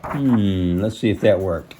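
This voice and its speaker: A man reading a storybook aloud to children, pausing to explain words and show the pictures. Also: sits low, dark tone, a little hiss or hum.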